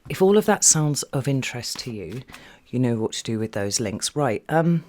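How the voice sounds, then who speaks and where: A man giving a casual tarot reading, talking in a chatty, meandering way with many fillers and at times dropping to a soft half-whisper. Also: medium pitch, sing-song, moderate pace. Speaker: tarot reader.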